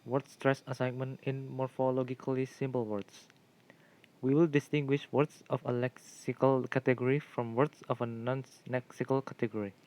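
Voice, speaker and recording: A young man, a student, reading a class presentation aloud in a steady way. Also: medium pitch, normal speed. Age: young adult.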